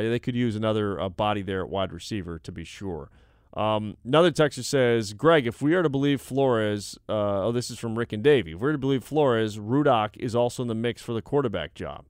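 A man's voice: lowish voice, clean tone, no echo, clean studio sound. A young adult man hosting a sports radio show, reading listener texts aloud and reacting in a casual, conversational way.

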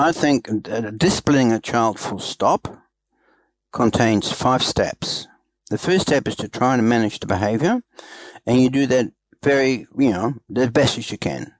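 A man's voice: mid-range voice, dry recording, rough recording. Parenting coach, male, earnest, stop-start delivery, dry remote-call audio. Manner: earnest, halting, many restarts. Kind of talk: podcast interview answers.

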